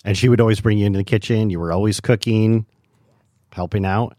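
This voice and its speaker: A man's voice: lowish voice, fairly even intonation, brisk, warm tone, no room sound, studio quality. A man hosting an interview podcast and prompting his guest with short, casual questions. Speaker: podcast host.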